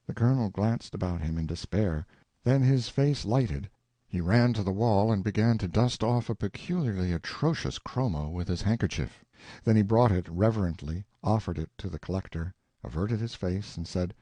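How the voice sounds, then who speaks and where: Husky man reading an audiobook. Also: low voice, animated, moderate pace, warm tone, no echo. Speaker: audiobook narrator. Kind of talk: audiobook reading of humorous fiction.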